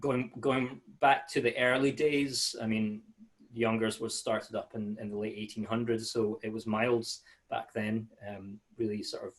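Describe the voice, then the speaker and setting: Over a video call, a man who manages malt sales gives a relaxed, sociable webinar marked by many fillers and restarts. He talks at a measured pace in a lowish voice with little variation in pitch.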